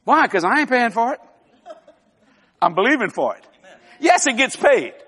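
An older man delivers a sermon from the pulpit in a folksy, emphatic way, mixing jokes into his preaching. His voice sits high for a man, and it rings out through a large church hall with a long reverb trailing behind each phrase. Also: sing-song, moderate pace, fairly bright tone, slightly rough. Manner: folksy, emphatic, joking with laughs. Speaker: televangelist preacher.

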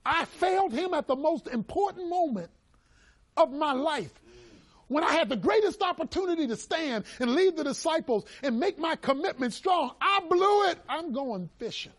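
A man's voice: extremely high pitch, animated, normal speed, pitched above the performer's own voice. A preacher voicing a guilt-stricken fisherman. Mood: despairing. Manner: broken, pleading, dropping to a murmur. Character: despairing male apostle, guilt-stricken fisherman.

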